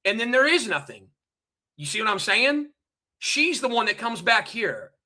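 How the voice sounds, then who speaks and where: A man's voice: high-pitched, very animated, moderate pace, pushed and bright. A man hosting a livestream, ranting angrily to his chat, profane and repetitive, and pressing listeners with rhetorical questions. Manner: heated, profane, repetitive, addresses chat directly. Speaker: livestream host. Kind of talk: angry ranting livestream monologue.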